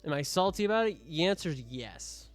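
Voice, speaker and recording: A man's voice: a little high, big pitch swings, brisk. A young man casually commenting while streaming a game, joking and mock-scolding the customers, with faint music behind him.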